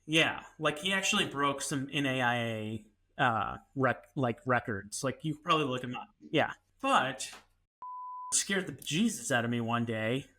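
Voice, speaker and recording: A man, co-hosting a podcast and telling a story in an animated way, acting out what people said. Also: medium pitch, normal speed. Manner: animated, acts out quotes, many restarts. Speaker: podcast co-host. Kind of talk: casual storytelling.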